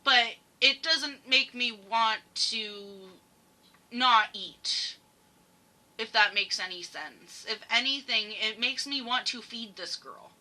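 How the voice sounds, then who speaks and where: Woman host, very bright, higher-pitched voice, heated sweary commentary. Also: takes it slowly. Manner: heated, swears often, rambling. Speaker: reaction video host. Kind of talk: emotional commentary rant.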